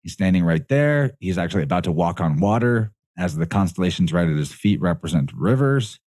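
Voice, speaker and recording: A man's voice: sits low, animated, brisk, a little mellow, dry recording, studio quality. A man speaking as a guest on a podcast, explaining in a casual, rambling way, often correcting himself and laughing mid-sentence.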